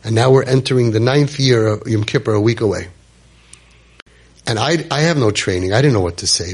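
Husky-voiced man in his fifties telling a story. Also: medium pitch, a little fast. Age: 50s. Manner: animated, repeats phrases for emphasis, sprinkles Yiddish words. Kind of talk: dramatic personal storytelling.

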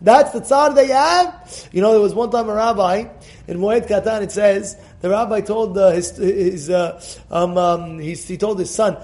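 A rabbi teaching an informal class. He repeats himself often, and he swings from quiet storytelling to loud, emphatic outbursts. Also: high-pitched, normal speed. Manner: animated and emphatic, repeats words and phrases. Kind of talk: informal Torah lesson.

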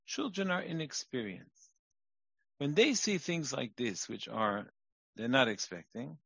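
A man giving a lecture on parenting, emphatic, shifting between quiet asides and loud points. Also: a little high, creaky, husky, dry recording. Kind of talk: recorded lecture. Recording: dull lo-fi dry recording.

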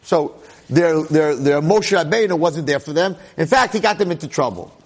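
Dramatic rabbi with a slightly high voice. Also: male voice, normal speed. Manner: dramatic, swings from hushed to excited exclamations; conversational, with frequent asides. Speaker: rabbi lecturer. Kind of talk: storytelling Torah lecture.

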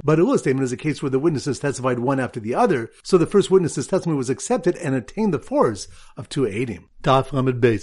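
Man, rabbi, Talmud lesson, sing-song reading, slightly high voice, breathy edge. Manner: lively teaching voice, sing-song Aramaic reading. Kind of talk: Talmud lesson with memory aids and a quiz.

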